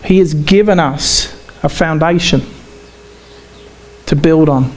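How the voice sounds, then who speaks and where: A man with an English accent preaching a sermon in a conversational way, halting and often repeating himself. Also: fairly high pitch, a little hiss or hum. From England.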